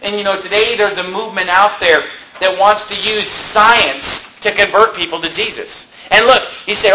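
A male pastor with a high, bright and forceful voice delivers an animated sermon, talking to the congregation in a conversational way and throwing out rhetorical questions. The sound is roomy, with faint background noise. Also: moderate pace. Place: church.

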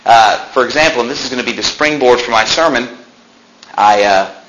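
A man's voice: medium pitch, brisk, muffled recording, background noise. Man preaching a conversational sermon. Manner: conversational preaching, animated outbursts and mocking quotes. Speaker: pastor. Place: church sanctuary.

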